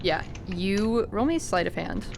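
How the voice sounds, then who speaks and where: A woman running a tabletop role-playing game as game master, narrating in a gentle, measured way. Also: mid-range voice, lively intonation, gravelly, noisy background.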